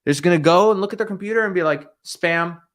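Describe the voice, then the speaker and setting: Blunt, emphatic man, fairly high voice. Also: very fast. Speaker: sales coach hosting a live stream. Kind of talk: motivational live-stream talk. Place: room with bookshelves behind him.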